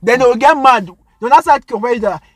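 A man's voice: very high voice, fast, no room sound, faint music behind. A man with a Nigerian accent, co-hosting a podcast in casual, slangy chat that slips into pidgin. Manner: animated, slangy, mixes in pidgin. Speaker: podcast co-host.

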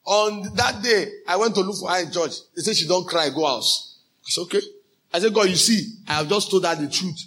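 High-voiced Nigerian preacher shouting emphasis. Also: male voice, brisk. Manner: mixes in pidgin phrases. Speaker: pastor. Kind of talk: sermon.

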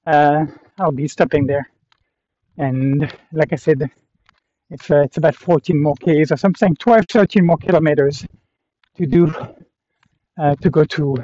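This man, a Canadian vlogger on a long-distance pilgrimage route, has a slightly high and somewhat mellow voice. Talking to the camera as he walks, he muses reflectively and with self-awareness, stumbling through fillers and restarts, captured in dull lo-fi audio.

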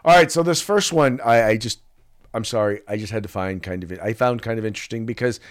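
On a laid-back political podcast, a male co-host with a fairly low voice talks fast. He reads the sponsor spots and describes memes, animatedly performing the quoted voices.

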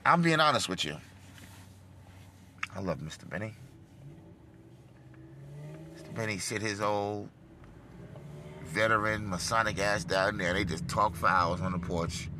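A man telling a rambling, animated personal story as a casual vlog, swearing as he goes, recorded in a car. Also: on the low side, a little slow, long pauses. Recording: loud car and road noise.

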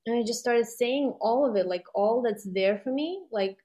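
A woman's voice: a little high, moderate pace, mellow. A middle-aged woman in casual conversation, telling a personal story in a rambling, reflective way with many fillers. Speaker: guest sharing a personal story.

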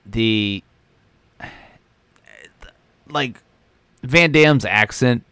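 A man's voice: mid-range voice, extremely slow, pushed and bright, clean tone, dry recording. A man co-hosting a movie podcast, rambling in casual review chat with frequent restarts and swearing. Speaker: podcast co-host.

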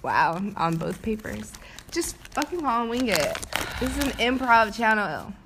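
A woman's voice: fairly high pitch, very animated, unhurried, noisy background. A young woman co-hosting a podcast in casual chat, giggly and brash, swearing freely. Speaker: podcast co-host.

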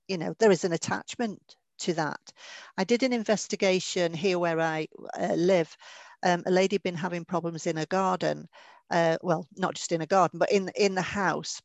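A woman's voice: fairly low pitch, no echo. A woman, a medium giving a podcast interview, who tells stories in a chatty, anecdotal way and laughs now and then. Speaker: guest medium.

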